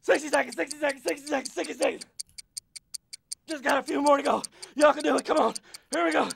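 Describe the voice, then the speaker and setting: Brief: a goofy hyper coach, very high and gravelly, shouting pep talk at kids. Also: male voice, fairly even intonation, fairly quick, exaggerated voice. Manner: loud, pep-talking, bossy and playful. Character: goofy hyper adult male sports coach. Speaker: fitness coach. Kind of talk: kids' educational video.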